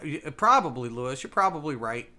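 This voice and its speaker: A man's voice: mid-range voice, sing-song, brisk, pushed and bright. A man streaming a game, ranting casually and swearing often as he repeats himself. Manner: ranting, profane, repetitive. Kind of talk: casual gaming stream talk.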